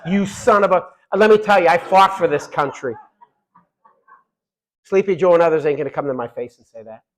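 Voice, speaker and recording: Fiery middle-aged man, somewhat high-pitched voice, rally speech, loud punchy repetition with quiet asides. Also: moderate pace, rough recording. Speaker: congressman giving a speech.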